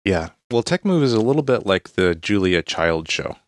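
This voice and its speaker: A man's voice: sits low, very animated, moderate pace, no room sound, studio quality. A man co-hosting a casual tech podcast, explaining things in an easygoing, matter-of-fact way. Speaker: tech reviewer co-host.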